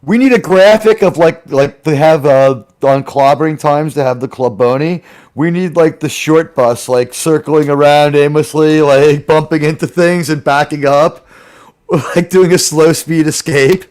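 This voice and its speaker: A man with a fairly high voice trades jokes in a loose, rambling chat, breaking into laughter often. He keeps dropping into quick goofy impressions before going back to his plain voice. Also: a little mellow. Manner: joking, laughs often, slips into silly put-on voices. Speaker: host. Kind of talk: casual chat.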